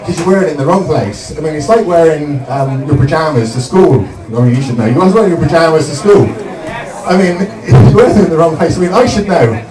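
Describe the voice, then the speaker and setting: Comedian with a lively voice. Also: male voice, fairly high pitch. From Somerset, England. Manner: deadpan one-liners with frequent "um" pauses. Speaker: stand-up comedian. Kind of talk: stand-up comedy set. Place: comedy club stage. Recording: echoey club, distant mic, loud crowd.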